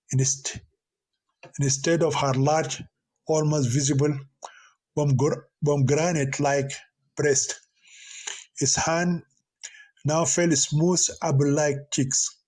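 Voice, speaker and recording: A man narrating a story aloud, halting and restarting over words. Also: on the high side, a little mellow, slightly rough. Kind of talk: storytelling reading.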